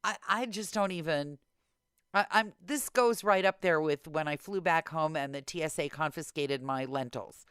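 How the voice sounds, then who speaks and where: A woman hosting a podcast in casual chat, telling stories in an animated, exasperated way. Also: deep voice, moderate pace, smooth, no room sound, studio quality. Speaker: podcast host.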